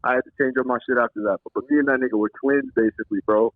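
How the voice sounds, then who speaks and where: A man's voice: medium pitch, steady tone, very fast, no room sound. A young man calling in to a podcast, talking in a laid-back, slangy, sheepish way over a phone line. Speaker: caller. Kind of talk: casual phone call. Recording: tinny phone line, dry.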